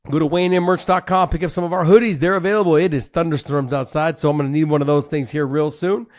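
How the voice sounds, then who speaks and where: A man's voice: a little high, steady tone, quick pace. A middle-aged man co-hosting a podcast, laughing through casual banter. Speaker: podcast co-host. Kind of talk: casual chat.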